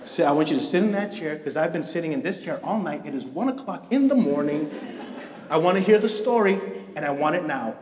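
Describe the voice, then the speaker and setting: A man's voice: fairly high pitch, lively intonation, fairly quick, a crowd in the background, lightly acted. A man voicing a stern parent who waited up all night, scolding in clipped demands, in an echoey hall. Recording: echoey hall, mic far off.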